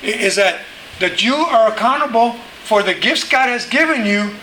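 Bright, high-voiced preaching man. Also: lively intonation, normal speed, echoey room, a little hiss or hum, poor audio. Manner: emphatic, call-and-response, frequent "right?". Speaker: pastor. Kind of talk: sermon.

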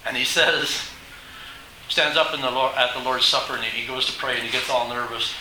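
A man's voice: medium pitch, flat delivery, fairly quick, far from the mic, noisy background. A man preaching a sermon to his congregation, emphatic and asking them rhetorical questions. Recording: echoey hall.

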